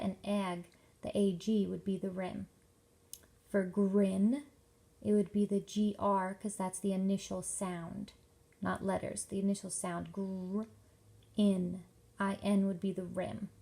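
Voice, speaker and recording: A young woman teacher giving a workshop presentation to parents, explaining slowly and carefully with lots of examples. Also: medium pitch, gravelly, dark tone. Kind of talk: instructional presentation.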